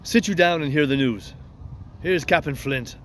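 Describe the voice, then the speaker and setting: A man's voice: fairly high pitch, normal speed, fairly bright tone, slight background noise, natural voice. A man playing a crafty old one-legged ship's cook, talking in a coaxing, folksy sailor's way in a storybook reading.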